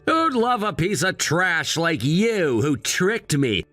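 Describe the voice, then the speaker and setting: An actor playing an arrogant, snobbish young fiancé who talks down to people in a sneering, condescending way. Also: male voice, on the high side, very animated, slow, pushed and bright, no room sound, soft background music, full character voice. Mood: contemptuous. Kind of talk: voiced drama narration.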